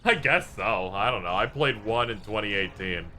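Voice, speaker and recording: A man's voice: lowish voice, lively intonation, moderate pace, pushed and bright, a little hiss or hum. A man streaming a video game, chatting with viewers in a jokey, reactive way. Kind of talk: casual gameplay commentary.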